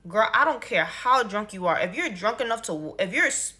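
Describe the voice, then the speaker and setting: A young woman with a bright, forceful voice tells a casual storytime monologue into her phone. She is animated and exasperated, full of slang and emphatic asides. Her pitch sits in an ordinary middle range. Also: normal speed.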